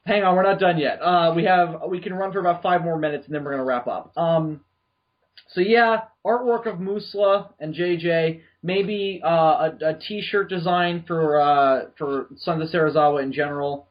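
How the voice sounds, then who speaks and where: A man hosting a podcast in casual chat, joking, swearing freely and getting excited. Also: fairly high pitch, normal speed, lo-fi sound. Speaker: podcast host.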